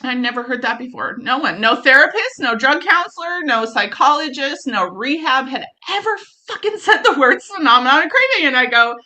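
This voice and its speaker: A woman's voice: high-pitched, animated, normal speed, few pauses, sharp tone. A middle-aged woman telling her recovery story in a blunt, profane, self-mocking way, acting out the people she quotes. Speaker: speaker sharing recovery story. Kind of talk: candid personal story talk.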